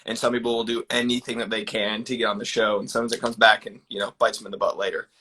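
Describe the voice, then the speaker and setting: Bright-voiced eager young man. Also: on the low side, fast talker, slightly rough. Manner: eager, animated storyteller. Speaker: guest, ninja competitor. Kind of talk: casual storytelling.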